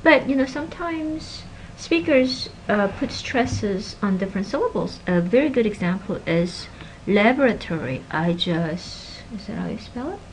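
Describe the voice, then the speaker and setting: Woman, linguistics lecturer, animated, middle pitch, faint room noise. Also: measured pace, hardly any pauses, rough recording. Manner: animated teacher, stresses example words, drops to soft asides. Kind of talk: recorded classroom lecture.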